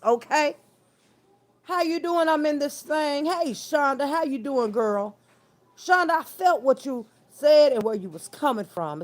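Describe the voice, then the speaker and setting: A fairly high-pitched woman hosting a casual livestream scolds someone in a sassy, trash-talking way. She stretches out words for emphasis and greets her viewers.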